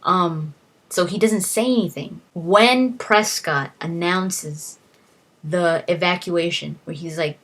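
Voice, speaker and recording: A young woman talks through a story recap in a loose, rambling way, quoting each character with "he's like" and often restarting her sentences. Her voice sits a little low for a woman. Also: slow pace, fairly bright tone. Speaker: video uploader retelling a novel's plot. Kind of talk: casual plot recap.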